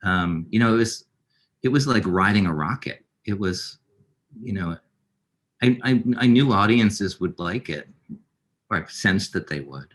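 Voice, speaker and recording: A middle-aged man with a very low, deep voice talks as an interview guest. He speaks in a halting, thoughtful way, pausing on fillers and starting sentences over. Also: lively intonation, a bit bright. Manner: halting, many fillers and restarts. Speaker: filmmaker guest. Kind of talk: reflective interview talk.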